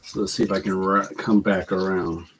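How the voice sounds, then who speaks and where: A man's voice: sits low, little pitch movement, normal speed, slight background noise, poor audio. A man working through rhyming lyrics aloud, trying lines over and over and then reciting the verse. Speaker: rapper writing lyrics.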